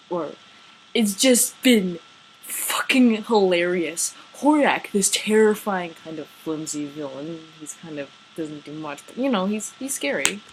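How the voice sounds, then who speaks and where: A woman's voice: lowish voice, a little hiss or hum, rough recording. A woman gushing about her favorite fictional couple in a casual vlog, swearing freely, gasping and laughing as she goes. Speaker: vlogger. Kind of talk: excited fan rant.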